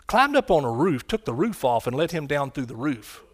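A man preaching a sermon, swinging from quiet, low lines to loud, shouted ones. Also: big pitch swings, normal speed. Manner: impassioned, rising to shouts and dropping low.

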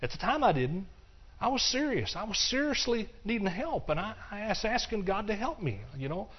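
Earnest older preacher. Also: male voice, high voice, big pitch swings, moderate pace, husky. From Texas. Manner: earnest, repetitive, with quiet hushed stretches and rising passionate bursts. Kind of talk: testimony sermon. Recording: dull lo-fi recording.

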